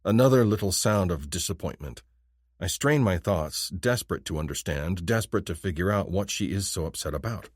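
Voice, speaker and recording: A man narrating a romance audiobook in the first person, in an expressive, intimate manner. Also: low voice, fairly quick, slightly rough, no echo, studio quality.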